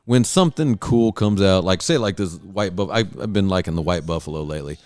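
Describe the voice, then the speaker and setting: A middle-aged man hosting a podcast, telling animated stories in casual chat and swearing freely. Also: deep voice, a little fast, no echo. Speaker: podcast host.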